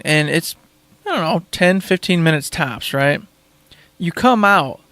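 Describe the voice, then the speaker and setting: A man's voice: on the high side, bright, forceful tone, clear, resonant tone, no room sound. Enthusiastic man, dry and close. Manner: enthusiastic, rambling. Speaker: podcast host. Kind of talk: casual chat.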